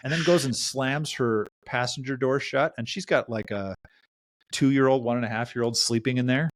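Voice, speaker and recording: A man's voice: medium pitch, normal speed, no room sound. A man hosting a podcast, telling a story in a rambling, chuckling way full of restarts. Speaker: podcast host. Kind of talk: casual storytelling chat.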